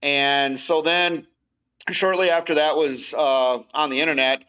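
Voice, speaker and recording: Podcast guest, middle-aged man, bright and forceful tone, lively storyteller. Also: on the high side, measured pace, clean tone, rough recording. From Wisconsin. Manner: animated storytelling, acting out both sides of conversations. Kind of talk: casual storytelling.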